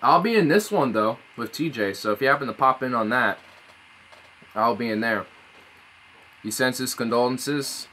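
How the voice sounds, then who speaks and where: A man's voice: medium pitch, moderate pace, long pauses, bright, forceful tone, slight background noise, low-quality recording. A young man chatting casually to his live-stream audience through a phone mic, rambling, swearing loosely and repeating words as he restarts.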